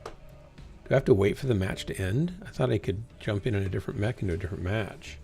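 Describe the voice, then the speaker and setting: A lowish, gravelly but warm male voice with lively intonation comes a bit fast over soft background music. The livestreaming gamer is tired, yawns sometimes, and rambles casually to himself and his small chat.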